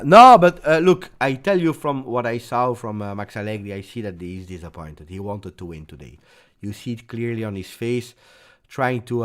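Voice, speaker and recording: A man hosting a live post-match fan reaction, speaking in a passionate, emphatic and rambling way. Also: fairly low pitch. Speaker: football channel host.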